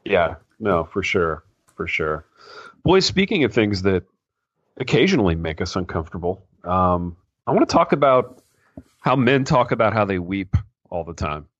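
A man's voice: normal speed, no echo. Male podcast co-host, teasing banter, dry dull-sounding close mic. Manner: jokey, teasing, animated pitch jumps. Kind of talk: casual chat.

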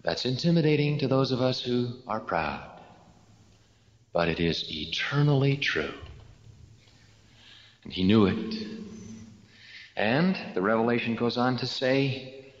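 A man giving a sermon, telling a story slowly and deliberately with dramatic pauses, recorded in a large hall. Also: medium pitch. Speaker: religious speaker. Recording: echoey hall, dull lo-fi sound.

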